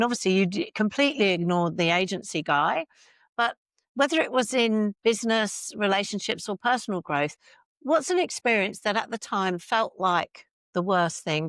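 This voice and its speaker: A woman hosts an interview, thinking aloud and asking long, reflective questions. Her voice sits in a middle pitch. The recording is close and dry. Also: no echo. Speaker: podcast host. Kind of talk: conversational interview.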